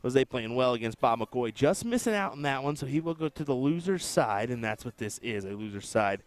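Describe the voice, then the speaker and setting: A man commenting on a darts match on a live stream, with relaxed, joking banter. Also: mid-range voice, fairly quick, no room sound. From United States.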